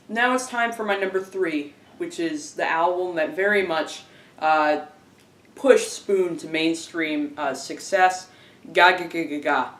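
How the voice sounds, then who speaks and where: A man's voice: fairly high pitch, a bit bright. Guy rambling thru album reviews, lots of uhs and restarts, echoey room, mic kinda far off. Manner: halting, many fillers and restarts. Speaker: music reviewer. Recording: roomy, distant from the mic.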